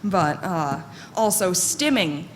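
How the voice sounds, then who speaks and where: A woman giving a live conference talk in a fairly monotone, candid and self-deprecating way, with plenty of fillers. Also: lowish voice, takes it slowly. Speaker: conference speaker. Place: conference hall. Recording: echoey hall with faint noise.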